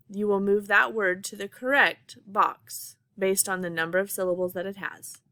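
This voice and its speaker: A woman teacher reading out lesson instructions to students, slow, clear and deliberate. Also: mid-range voice, no echo. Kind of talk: recorded classroom lesson instructions.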